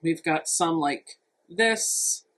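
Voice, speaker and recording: A woman's voice: sits low, very slow, fairly bright tone. Chatty woman quilting vlogger. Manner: chatty and enthusiastic, thinking aloud. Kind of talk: casual unboxing narration.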